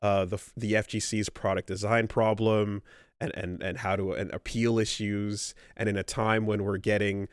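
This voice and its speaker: A man's voice: lowish voice, flat delivery, normal speed, clean tone, no room sound, clean studio sound. A middle-aged man co-hosting a podcast in casual chat, rambling with lots of fillers and restarts. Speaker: podcast co-host.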